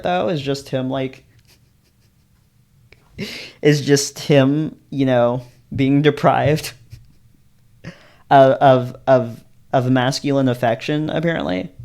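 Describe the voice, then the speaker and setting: Brief: male host, casual musing commentary, laughs a lot, mid pitch. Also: a little slow, a little mellow. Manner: musing, laughs often, repeats "right?". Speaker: channel host reading a visual novel. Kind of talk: casual commentary on a visual novel.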